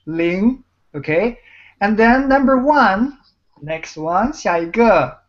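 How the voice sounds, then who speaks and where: A woman's voice: mid-range voice, expressive, takes it slowly. Lady teaching beginners on a video call, patient, says things twice, kinda muffled audio. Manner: patient, repeats words and praises students. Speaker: Chinese teacher. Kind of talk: online beginner language lesson.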